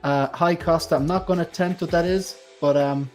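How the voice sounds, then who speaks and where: A man's voice: a little high, fairly even intonation, a little fast, darkish tone, faint music behind. Chatty Irish man hosting a stream. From Ireland. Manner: chatty, reads viewer comments aloud. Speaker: livestream host. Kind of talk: casual chat.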